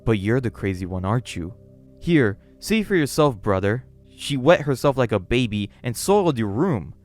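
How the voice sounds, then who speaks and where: A man's voice: mid-range voice, very animated, normal speed, darkish tone, soft background music, lightly acted. A man voicing an obsessive gothic lolita woman who scolds sweetly and menacingly. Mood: doting menace.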